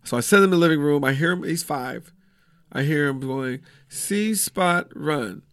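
A middle-aged man with a gravelly edge to his voice, pitched a little above the usual for a man. He chats casually and animatedly, telling family stories and acting out the voices in them, recorded close and dry with no room sound. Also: fairly quick, fairly bright tone, no echo. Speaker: comedian guest. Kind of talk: casual podcast chat.

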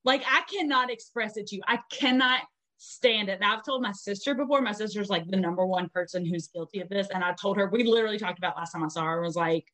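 Young woman host, casual podcast chat, swears freely, blunt and lively. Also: mid-range voice, fast. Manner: blunt, profane, animated storytelling.

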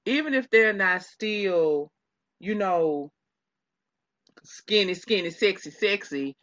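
A woman's voice: mid-range voice, lively intonation, slow pace, fairly bright tone, dry recording, dull audio. A woman co-hosting a casual gossip chat, rambling and laughing often with many restarts. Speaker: podcast co-host.

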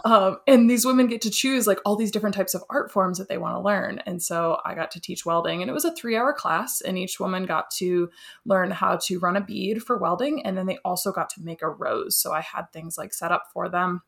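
A woman's voice: mid-range voice, a little fast, gravelly, a bit bright. A young woman talking as a guest in a casual interview, chatty and enthusiastic, laughing often. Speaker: welder and artist guest.

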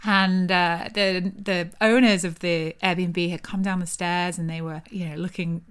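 A woman's voice: on the low side, steady tone, unhurried, clear, resonant tone. A young woman vividly retelling a personal story to her viewers, with breathless restarts.

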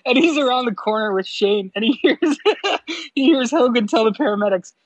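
A man co-hosting a casual wrestling podcast, talking in a lively way, laughing often and mimicking announcers. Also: very high voice, moderate pace, no echo, muffled recording. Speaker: podcast co-host. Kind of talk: casual chat.

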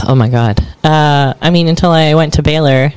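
A woman's voice: low voice, moderate pace, a little mellow, smooth, dry recording. A young woman with a Pennsylvania accent, a guest on a casual interview, talking frankly with lots of laughs and "like". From Pennsylvania, USA. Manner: joking, frank, laughs often, says "like" a lot. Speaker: podcast guest, arm wrestler.

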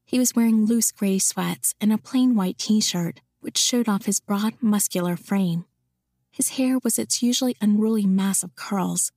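A woman reading a romance novel aloud in an even, intimate storytelling voice. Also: medium pitch, no echo, studio quality. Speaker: audiobook narrator. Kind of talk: scripted narration of a romance novel.

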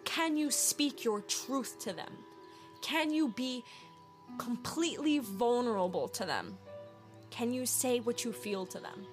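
A woman's voice: a little high, animated, measured pace. Bubbly woman over background music. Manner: chatty, bubbly, laughs often, says "like" a lot. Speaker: host of a wellness podcast. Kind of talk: casual spiritual self-help talk.

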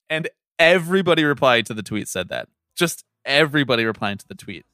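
A man's voice: mid-range voice, expressive, brisk, few pauses, bright, forceful tone, clear, resonant tone, dry recording, soft background music. Podcast co-host, man, loose casual delivery, swears a lot, dead-dry close mic. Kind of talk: casual sports podcast chat.

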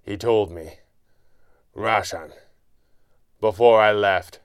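A man voicing a wounded masked male hero who speaks in halting, breathless words. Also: fairly low pitch, clean tone, dry recording, studio quality. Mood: strained. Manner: halting, strained.

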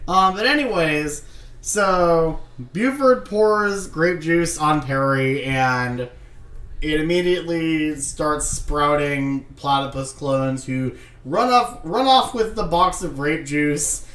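Guy on a podcast gabbing about cartoon episodes, lively and chatty. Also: on the high side, clean tone. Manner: animated retelling, puts on quick voices. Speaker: podcast co-host. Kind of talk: casual chat.

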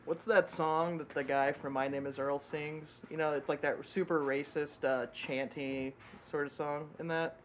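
A man's voice: a little high, little pitch movement, normal speed, hardly any pauses, a bit bright, slight background noise. A man appearing as a podcast guest, chatting in a laid-back, playful way. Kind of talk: casual chat.

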